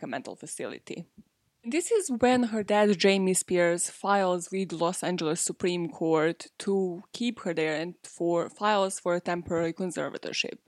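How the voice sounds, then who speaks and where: A woman's voice: fairly low pitch, dry recording, clean studio sound. A young woman hosting a podcast, telling a story in a casual, chatty way and filling her talk with "like" and "literally". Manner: chatty, heavy use of "like" and "literally". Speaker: podcast host.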